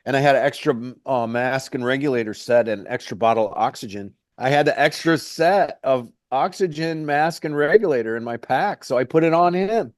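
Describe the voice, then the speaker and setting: A man's voice: mid-range voice, fairly quick, few pauses, dry recording. Middle-aged male mountain guide, loose rambling storyteller, full of "like", dry close-miked sound. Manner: rambling, says "like" and "hey, man" often. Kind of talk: casual storytelling interview.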